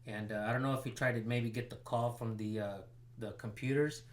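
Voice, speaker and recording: A man's voice: mid-range voice, fairly even intonation, brisk. A man hosting a citizen journalism channel, commenting casually and pressing a sheriff's station by phone. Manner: casual, rambling, filler-heavy.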